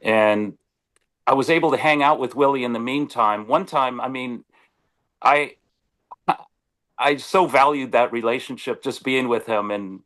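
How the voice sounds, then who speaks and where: A man, a sportswriter guest, telling stories in casual chat over a video call, animated, with frequent restarts and quotes acted out. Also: medium pitch, measured pace, long pauses.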